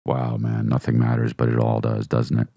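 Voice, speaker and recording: A man in his forties, a podcast host telling a casual comedic story about his kids, with sudden high-pitched bursts and lots of swearing. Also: completely flat delivery, moderate pace, gravelly, warm tone, no echo, clean studio sound.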